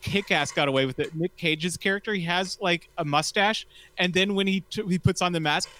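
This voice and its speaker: A man's voice: high voice, brisk, pushed and bright, no room sound. A man in a casual group chat making wry, joking asides.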